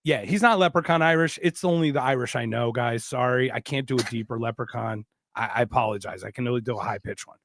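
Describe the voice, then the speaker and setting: A man hosting a podcast, telling a funny story in a lively, joking, sometimes profane way. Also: mid-range voice, fast talker, hardly any pauses, slight background noise. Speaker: podcast host. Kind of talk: casual storytelling chat.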